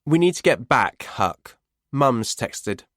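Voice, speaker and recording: A man's voice: mid-range voice, very animated, takes it slowly, fairly bright tone, no room sound. A wary teenage girl, as a man reads her, clipped and curt. Her lines sit a little above the narrator's voice, close-miked and dry.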